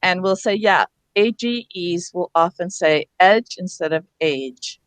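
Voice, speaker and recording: A woman's voice: lowish voice, expressive, unhurried, dry recording. Woman workshop leader, explanatory, spells out sounds, dry close sound. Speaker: reading workshop presenter. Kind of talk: teacher workshop instruction.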